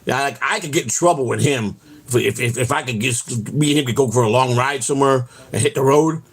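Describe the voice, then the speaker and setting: A man's voice: medium pitch, brisk, husky. A man hosting his own vlog, telling rambling, profane stories outdoors on a walk and tagging his sentences with "man". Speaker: vlog host. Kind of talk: rambling casual storytelling while out walking.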